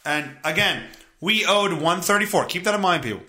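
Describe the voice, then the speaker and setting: Podcast guy ranting and cussing, lively bright voice, laughs a lot. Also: high-pitched, brisk. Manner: profane, exasperated, laughs often. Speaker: podcast host. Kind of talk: ranting comedic storytelling.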